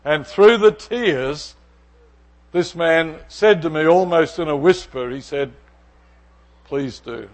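A man's voice: a little high, takes it slowly. A middle-aged male pastor preaching, telling a personal story and acting out its dialogue. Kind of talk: sermon with storytelling.

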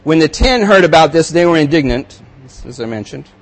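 A male pastor preaching a sermon, reading scripture aloud with rising emphasis and then commenting in a quieter, conversational tone. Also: on the high side, animated, a little fast, low-quality recording.

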